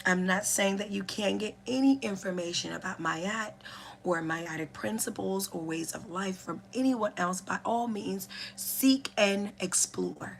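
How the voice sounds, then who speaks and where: Slow, deliberate woman with a bright voice. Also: medium pitch, creaky. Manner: deliberate, repeats and stresses key phrases. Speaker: educator and healer. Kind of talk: reflective spiritual teaching monologue.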